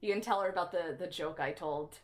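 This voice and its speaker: A woman's voice: fairly low pitch, brisk. A woman livestreamer chatting casually with her chat in a playful, teasing, mock-offended way.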